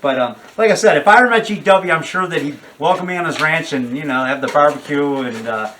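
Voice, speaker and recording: Older guy rambling about his movies and stuff, kinda high voice, sounds a bit far from the mic. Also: fast, pushed and bright, a little hiss or hum. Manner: rambling, digressive, with many restarts and asides. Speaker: guest, horror filmmaker. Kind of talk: casual rambling talk.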